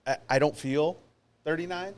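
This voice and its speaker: A man's voice: on the high side, moderate pace, clean tone. A man in his late thirties co-hosting a casual podcast, joking around and swearing casually. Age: 30s. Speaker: podcast co-host. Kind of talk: casual chat.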